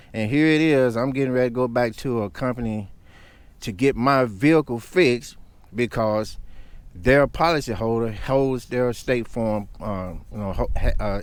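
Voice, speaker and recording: A man's voice: medium pitch, dry recording. A man vlogging, telling a story in a heated, emphatic rant.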